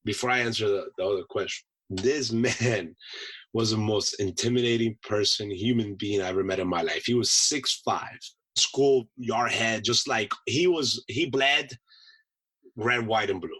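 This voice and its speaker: A man, a Marine veteran guest on a podcast, telling stories in a casual, animated way and acting out the people in them. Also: fairly low pitch, normal speed, slightly rough, poor audio. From United States. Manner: animated storyteller acting out voices, laughs often. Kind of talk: casual storytelling.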